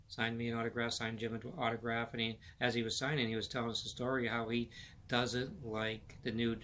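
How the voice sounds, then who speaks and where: Middle-aged male podcast host, bright, forward voice, loose rambling delivery, faint hiss behind. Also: medium pitch. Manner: rambling, filler-heavy, repeats words. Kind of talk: casual solo sports chat.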